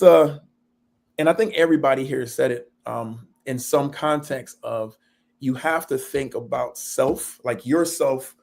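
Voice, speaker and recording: A man in middle age talks openly on a panel discussion at an ordinary, middle pitch. He speaks earnestly and pokes fun at himself, with a laugh slipping into his stories now and then. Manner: earnest and self-deprecating, laughs while telling stories. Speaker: panel guest.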